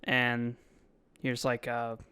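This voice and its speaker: A man talks casually over his own video in a loose, rambling way, filling gaps with ums and likes. His voice is very smooth and resonant and sits at an ordinary middle pitch. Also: monotone, drawn-out words, sharp tone. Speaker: vlogger. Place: voice-over, not recorded in the museum.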